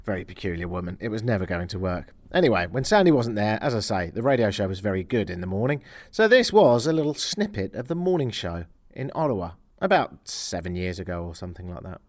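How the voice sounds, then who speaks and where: Male host, candid, wry, low voice. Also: sing-song, fast, hardly any pauses, darkish tone. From Britain. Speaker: radio host. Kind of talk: reflective narration.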